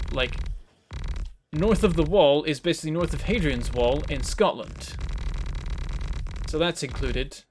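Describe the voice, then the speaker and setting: A man from northern England with a softened northern English accent, rambling and chatty as he streams a game. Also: on the high side, a little hiss or hum. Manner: rambling, chatty, self-correcting. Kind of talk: casual live-stream game commentary.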